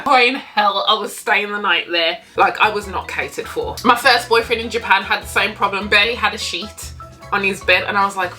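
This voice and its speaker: Bright, candid woman vlogger. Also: medium pitch, normal speed, soft background music. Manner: candid, animated, swears freely. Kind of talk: casual storytime.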